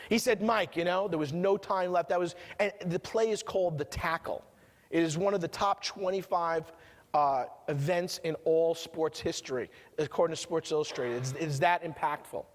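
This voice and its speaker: High-voiced, energetic man with a New York accent. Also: moderate pace. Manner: energetic storytelling with rhetorical questions to the audience. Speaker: motivational keynote speaker. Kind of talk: keynote speech. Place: conference hall at a resort. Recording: long hall reverb from a conference room.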